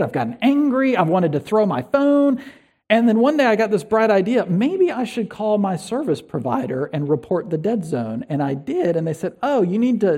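A pastor preaching in an earnest, conversational way. The voice is mellow and a little breathy, and it often turns to searching questions for the listeners. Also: medium pitch. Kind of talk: sermon.

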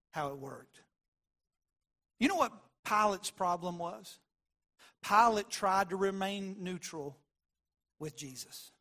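A male pastor delivers a sermon in a high, bright, forceful voice. He presses his points with repetition and swings between loud declarations and soft asides.

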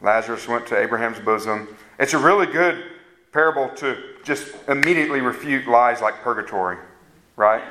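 A man's voice: mid-range voice, moderate pace, bright, forceful tone. A man preaching a fervent sermon that rises to emphatic peaks. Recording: echoey room sound.

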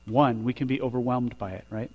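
Pastor guy preaching, gets loud and pushy then drops soft, mid voice, faint mains hum behind. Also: mid-range voice, fairly even intonation, fairly quick. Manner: builds to loud emphatic peaks, drops quiet on endings. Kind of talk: sermon.

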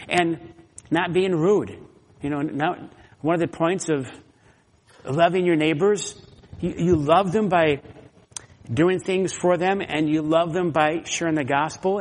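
A man preaches to his congregation with a slightly raised voice. He tells stories in an animated way. The sound carries a long reverb from a large hall. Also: a little high. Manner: animated storytelling, acts out own anger. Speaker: pastor. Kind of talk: sermon.

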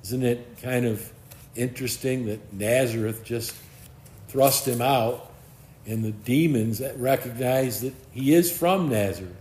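A male pastor delivers a verse-by-verse sermon at a mid-range pitch, his measured teaching voice rising in emphasis when he reads scripture aloud. The room around him is echoey. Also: a little mellow. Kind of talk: expository sermon reading and explaining scripture.

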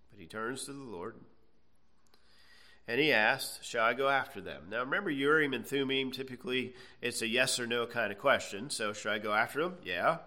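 Bible teacher, male, bright forceful tone, reads verses then unpacks them casually for the class. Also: mid-range voice. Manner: conversational, checks in with frequent "okay"; reads scripture aloud then explains.

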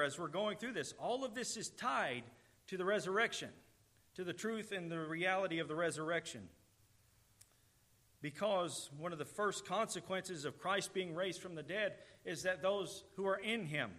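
A man delivers a sermon in a bright, forceful voice pitched a little above the usual. He preaches earnestly, leaning on emphatic repetitions to drive each point home. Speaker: pastor.

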